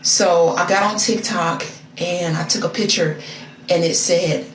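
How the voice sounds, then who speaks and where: A woman's voice: sits low, unhurried. A woman from the United States telling a story in a gossipy, confiding way, as if to a friend, in an echoey, noisy recording. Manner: gossipy, confiding, addresses listener as "girl". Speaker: storyteller on a social video. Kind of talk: casual storytelling. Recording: echoey room with loud noise.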